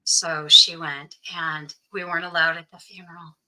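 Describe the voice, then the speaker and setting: A woman, a guest in an interview, telling a personal story and acting out the voices of the people in it, often dropping to a hush. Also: sits low, little pitch movement, moderate pace, low-quality recording. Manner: acts out quoted voices, often drops to hushed tones.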